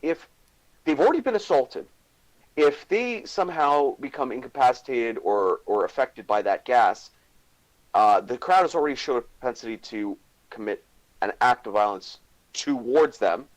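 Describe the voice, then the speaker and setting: A man's voice: medium pitch, animated, low-quality recording. A man from Canada, a guest on a casual livestream chat. He stops and restarts often and leans on "you know". His voice swings widely up and down. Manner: halting, restarts words, hedges with "you know".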